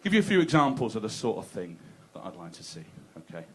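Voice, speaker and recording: A man's voice: lowish voice, wildly swooping pitch, fast, slightly rough. A man doing a crude, conversational stand-up set, teasing the crowd. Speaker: stand-up comedian. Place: comedy club stage.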